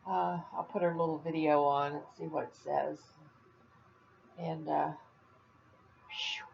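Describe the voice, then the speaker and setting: A woman's voice: deep voice, fairly even intonation, slow pace, vocal fry, a little mellow, muffled recording, slight background noise. An older woman from Florida chatting casually on a home video vlog, rambling and laughing at her own jokes. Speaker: vlogger. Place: at home, indoors.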